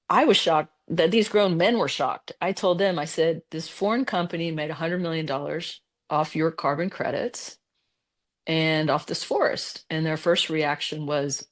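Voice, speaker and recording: Low-voiced woman telling a story. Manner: animated, retells conversations in quoted voices. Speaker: guest, business executive. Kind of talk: casual interview storytelling.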